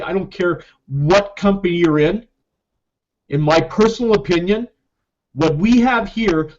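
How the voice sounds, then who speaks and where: A middle-aged man in a personal vlog, talking emotionally and haltingly about his own comeback, often repeating himself. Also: a little high. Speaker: network marketer sharing his story. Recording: dull lo-fi recording.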